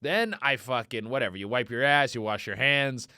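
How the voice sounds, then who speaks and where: A man's voice: mid-range voice, normal speed, bright, forceful tone, no room sound, studio quality. A male comedian and podcast host telling a rambling, profane story, laughing as he goes and acting out the voices of people in it. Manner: acts out quoted voices. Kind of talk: casual comedic storytelling monologue.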